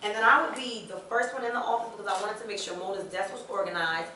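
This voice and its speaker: A young woman on a panel, telling an animated story in which she acts out other people's voices and laughs often. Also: medium pitch, fast, slight background noise. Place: hotel event hall. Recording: echoey event room, mic picked up from a distance.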